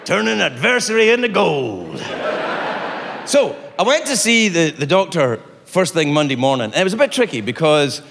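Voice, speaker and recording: A Scottish man tells a stand-up story with a high, lively voice that leaps up and down. He jumps from shouted punchlines to low, muttered asides. His voice rings through a reverberant theater over clear crowd noise. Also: brisk, hardly any pauses. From Scotland. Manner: animated, exaggerated, swinging between loud outbursts and low asides. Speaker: stand-up comedian. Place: theater stage before a live audience. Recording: long hall reverb, audience noise. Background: audience laughter.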